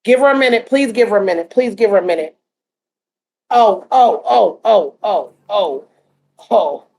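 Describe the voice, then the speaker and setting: A woman hosting a talk show, repeatedly reassuring and calming her guest. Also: mid-range voice, moderate pace, gravelly. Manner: soothing, reassuring, repetitive. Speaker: host.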